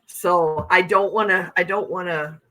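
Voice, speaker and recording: A woman's voice: lowish voice, steady tone, unhurried, a bit bright, low-quality recording. A woman hosting a casual livestream, talking in a rambling, conversational way and reading out viewer comments. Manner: rambling and conversational, with frequent "okay" and "you know what I'm saying". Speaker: livestream host.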